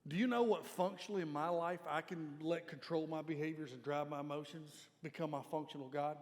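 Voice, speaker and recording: High-voiced pastor preaching in a reverberant hall. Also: male voice, a little fast, hardly any pauses, darkish tone. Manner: conversational preaching, direct appeals to the congregation. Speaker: lead pastor. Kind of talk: sermon.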